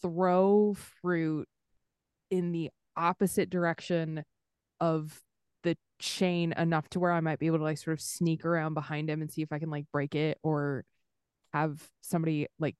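A woman's voice: low voice, little pitch movement, normal speed, darkish tone, smooth, no echo, clean studio sound. A young woman playing a tabletop game who rambles with lots of fillers. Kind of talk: casual tabletop play.

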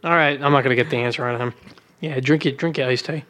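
Man, casual podcast chat, brisk, teasing. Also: mid-range voice, fairly even intonation, fairly bright tone, slight background noise. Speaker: podcast co-host.

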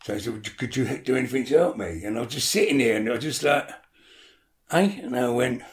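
Recorded in an echoey room, a fast-talking man with a mid-range voice recounts a story over casual chat. He's the guest storyteller, animated and profane, voicing what each person said.

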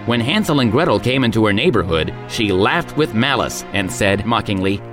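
A man narrating a fairy tale in an expressive storyteller's manner. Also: on the low side, moderate pace. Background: background music.

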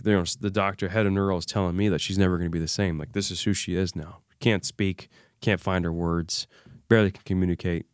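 A man as an interview guest, recounting a personal crisis in an animated way and acting out the dialogue he remembers. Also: deep voice, fast, clean tone, no room sound, clean studio sound. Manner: animated retelling, acts out remembered dialogue, many fillers. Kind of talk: emotional personal storytelling.

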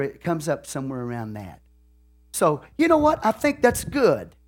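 Folksy Texan pastor preaching loudly. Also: male voice, on the high side. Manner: swings from soft asides to loud shouted preaching; folksy, peppered with "okay?" and "hallelujah". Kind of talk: sermon.

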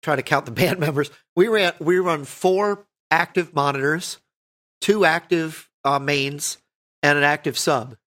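A man with a slightly raised pitch talks through guitar gear in a loose, rambling way. He stops to correct himself and clears his throat now and then. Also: unhurried, pushed and bright. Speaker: podcast co-host, band guitarist. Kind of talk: casual gear chat.

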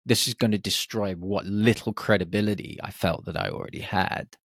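A man in his forties from the UK, a podcast host telling a reflective personal story and acting out his nervous inner voice in hushed tones. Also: on the low side, brisk, creaky, no echo, studio quality. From United Kingdom.

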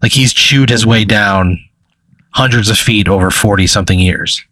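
A man's voice: lowish voice, normal speed, pushed and bright, no echo, low-quality recording. A man acting as game master, narrating a hypothetical scene in a rambling, hesitant way full of fillers and restarts.

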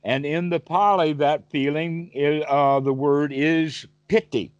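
A man's voice: fairly high pitch, steady tone, slow, dry recording, muffled recording. A man teaching meditation over a call, asking his listener questions and giving vivid everyday examples. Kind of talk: Dhamma talk on a call.

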